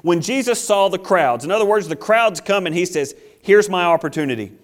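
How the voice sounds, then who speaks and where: A man with a high voice preaches a sermon as a pastor. He drives his points home with an emphatic, repeating cadence. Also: lively intonation, brisk.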